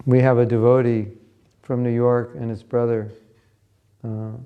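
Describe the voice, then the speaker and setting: A man's voice: mid-range voice, flat delivery, unhurried, clean tone, phone-quality sound. A man giving a scripture class in a conversational, storytelling way, sometimes turning to ask his listeners questions. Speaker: class speaker.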